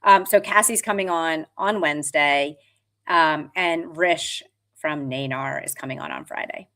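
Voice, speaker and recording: A woman co-hosting a podcast in casual chat, speaking in a relaxed way with a few fillers. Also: deep voice, measured pace. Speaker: co-host.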